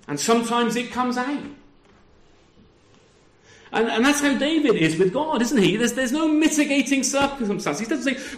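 Heard with a roomy echo at a church service, a male pastor delivers a sermon to his congregation, tossing in rhetorical tag questions and dry, self-deprecating jokes. He speaks at normal speed in a very high-pitched, sing-song voice.

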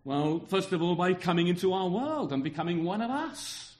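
A man's voice: high voice, big pitch swings, moderate pace, darkish tone. A man preaching a sermon, earnest and emphatic, often repeating words as he builds his point and speaking partly to the children present. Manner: addresses children in the congregation.

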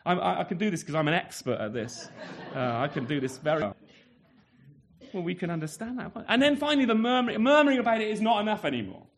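Guy preaching, high voice, keeps throwing in "isn't it?" tag questions, chatty. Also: lively intonation, fast talker. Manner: conversational, rhetorical tag questions, acts out scenes. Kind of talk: expository sermon.

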